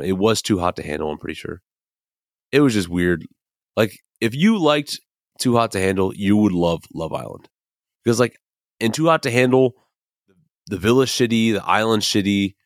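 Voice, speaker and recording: Young midwest guy ranting casually about tv, low voice, dry close sound. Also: no room sound. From American Midwest. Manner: rambling, emphatic, profane, many fillers. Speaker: podcast host. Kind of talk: casual solo commentary.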